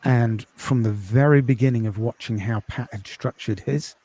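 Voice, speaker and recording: A man from the UK, a podcast host and course creator, chatting in a quiet, calming voice with many ums in a casual interview over a video call. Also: medium pitch, normal speed. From United Kingdom.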